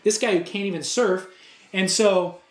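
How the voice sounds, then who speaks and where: A man's voice: high-pitched, normal speed. A man co-hosting a podcast, telling a story casually and acting out the quotes with energy. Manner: animated storyteller, acts out quotes. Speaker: podcast co-host. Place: surf museum. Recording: roomy echo.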